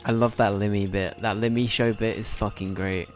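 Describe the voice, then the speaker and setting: A man's voice: lowish voice, steady tone, moderate pace, faint music behind. A man streaming a video game, chatting casually in a rambling way and swearing now and then. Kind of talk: casual livestream commentary.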